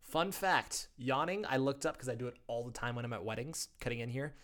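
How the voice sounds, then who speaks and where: A man's voice: mid-range voice, a little fast, a bit bright. A young man, a wedding DJ, chatting as a podcast guest in a laid-back, rambling way. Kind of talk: casual chat.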